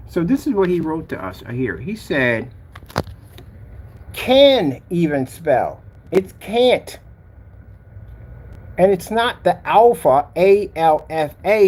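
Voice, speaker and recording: Gravelly, lively man mocking a critic. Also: mid-range voice, slight background noise. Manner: mocking and exasperated, repeats his points. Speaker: company owner showing his product site. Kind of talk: casual screen-share commentary.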